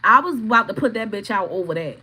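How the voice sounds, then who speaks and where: Brash, bright-voiced woman. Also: mid-range voice, lively intonation, quick pace, husky, poor audio. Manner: profane, blunt, laughing storyteller; greets chat viewers by name. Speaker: tarot reader streaming live. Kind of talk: casual livestream storytelling.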